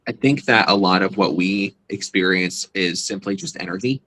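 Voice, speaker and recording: Casting: low-voiced man, easygoing guest, rambling interview chatter. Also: normal speed, pushed and bright, poor audio. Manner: chatty, rambling with fillers and restarts. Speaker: guest, psychic medium and convention organizer. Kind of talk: casual interview chat.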